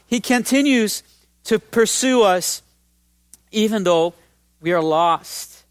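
A man preaching a lively sermon as pastor, calling out to his congregation and building up to emphatic lines. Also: sits high, slow pace, pauses often, smooth, no room sound, studio quality. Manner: energetic, call-and-response exhortation.

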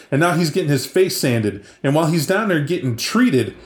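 A podcast host and game master casually, animatedly retells a tabletop session he ran, wandering into many asides. His voice is on the high side, sing-song and brisk, and the room is echoey.

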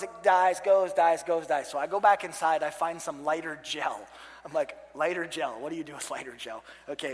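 A pastor in his thirties tells a comic story from the stage, animated and self-mocking, acting out quotes and shouting at the peaks. His voice sits fairly high. A long reverb from the big hall trails each phrase. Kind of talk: storytelling sermon.

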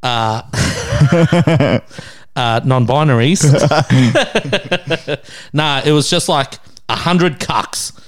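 The podcast co-host, an Australian man in his thirties, talks extremely slowly in a mid-range voice. He's a crude, laughing storyteller on a casual show who acts out the people he quotes.

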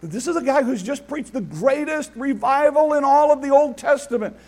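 A man preaching a sermon, animated, acting out the biblical figures he tells about with a laugh now and then. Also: very high voice, normal speed. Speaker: pastor.

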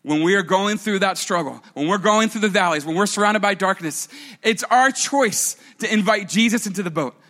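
A man preaching a sermon to a church congregation in an animated, conversational way, with playful asides. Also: high-pitched, moderate pace, big-room sound. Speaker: pastor.

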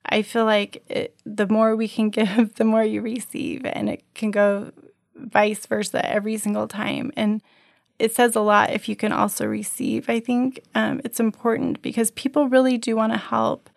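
A woman's voice: a little high, level tone, moderate pace, creaky, no echo, studio quality. A middle-aged woman co-hosting a podcast, chatting casually and backing up her co-host.

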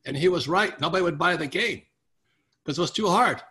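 A man's voice, a touch higher than most and strikingly bright, spins a long anecdote for an interviewer. He acts out the people he quotes and keeps the story moving with a lively, energetic delivery. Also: a little fast. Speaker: guest author.

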